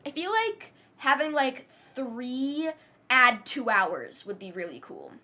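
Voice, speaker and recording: High-voiced chatty woman streamer. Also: sing-song, takes it slowly, pushed and bright. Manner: chatty, talks baby-talk to her cat. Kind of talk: casual stream chat.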